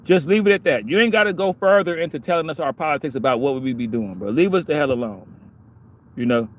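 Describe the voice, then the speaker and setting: A fast-talking man in his forties vlogs directly to the camera, his fairly high voice carrying a casual, profanity-laced rant. "Man" and "bro" come up again and again as he makes his case in this monologue.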